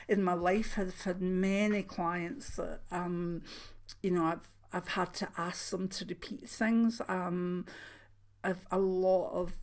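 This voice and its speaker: Soft-spoken Scottish woman chatting. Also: medium pitch. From Scotland. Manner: chatty, rambling, frequent ums and restarts. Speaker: channel host, retired clairvoyant. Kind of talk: casual chat to camera.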